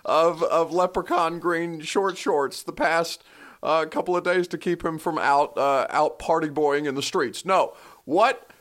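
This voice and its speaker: A man hosts a casual podcast from his home office, ribbing his guest with theatrical mock outrage. His voice sits a little higher than most men's. The talk is loose banter between friends. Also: measured pace, fairly bright tone. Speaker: podcast host.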